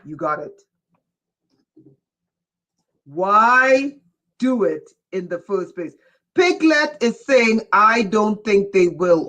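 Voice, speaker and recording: A livestream host reading viewer chat, who gets excited and raises their voice, often breaking off with "whoa" and asking listeners whether they follow. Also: medium pitch, takes it slowly, pauses often. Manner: breaks off with repeated "whoa" and "wait". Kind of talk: casual livestream talk to viewers.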